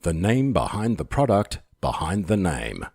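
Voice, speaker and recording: A man with an Australian accent putting on the voice of a grand late-night show announcer, drawn out and slow. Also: deep voice, big pitch swings, a little mellow, slightly rough, dry recording, studio quality, full character voice. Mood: grandiose.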